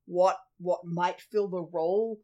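A young Australian woman co-hosting a casual podcast chat, animated and sweary, laughing often. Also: lowish voice, slow, lo-fi sound. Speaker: podcast co-host.

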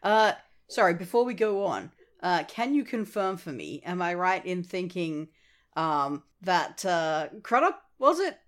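Aussie cohost, mid pitch voice, jokey and a bit sweary, asks lots of questions. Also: sing-song, unhurried. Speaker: podcast co-host. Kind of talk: casual chat.

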